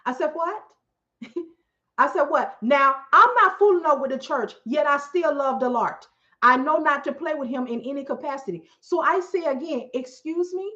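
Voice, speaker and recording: A woman telling a long story in a casual, animated way, acting out what other people said. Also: high voice, normal speed. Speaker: storyteller host. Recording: muffled lo-fi recording.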